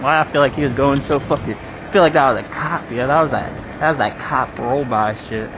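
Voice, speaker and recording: Muffled lo-fi audio from a small wireless clip-on mic catches loud wind and road noise as a young man rides a dirt bike outdoors on country roads. Speaking briskly at medium pitch, this vlogger keeps it casual, swearing often and addressing the viewer as bro and dude.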